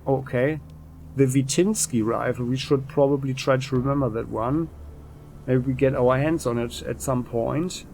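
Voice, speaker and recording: A man's voice: mid-range voice, steady tone, normal speed, creaky, a little mellow, slight background noise. Man musing over a video game. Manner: thinks aloud with fillers. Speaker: let's play host. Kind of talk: game commentary.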